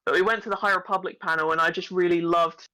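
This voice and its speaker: A woman's voice: fairly low pitch, steady tone, fast, pushed and bright, low-quality recording. A woman co-hosting a podcast, chatting casually with lots of laughter and self-deprecating asides. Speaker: podcast co-host. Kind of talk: casual chat.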